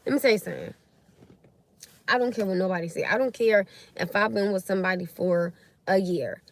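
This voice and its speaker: Reacting to comments from her viewers, a young woman talks frankly about relationships on a relaxed livestream. She has a mid-range voice and speaks fairly quickly, captured through a phone or webcam.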